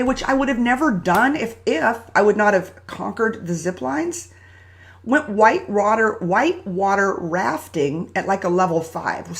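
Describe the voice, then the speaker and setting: A woman hosting a live motivational talk, telling a personal story in a chatty, animated way and greeting viewers by name. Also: mid-range voice. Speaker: host.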